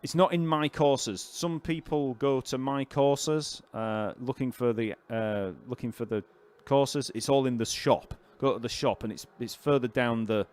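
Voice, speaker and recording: A man teaching a live online bass lesson, explaining technique in a relaxed way, counting beats aloud and answering questions from the chat. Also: measured pace, few pauses, clean tone.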